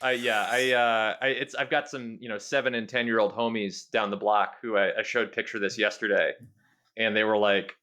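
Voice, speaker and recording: A man's voice: on the low side, steady tone, moderate pace, sharp tone. A man co-hosting a podcast in a casual, rambling way, full of hedges and fillers. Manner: rambling, hedging, heavy use of "like" and "you know". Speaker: podcast co-host. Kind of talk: casual chat.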